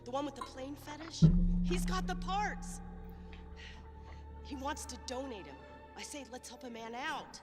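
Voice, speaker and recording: A brisk high-voiced game survivor. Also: female voice, lively intonation. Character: tough woman survivor in a zombie game. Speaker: game character in a cutscene. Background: loud game music.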